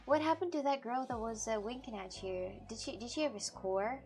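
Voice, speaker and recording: A woman's voice: on the high side, a little fast, a little mellow, soft background music. A woman streamer chatting casually with her live chat, laughing often and restarting her sentences. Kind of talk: casual IRL livestream chat.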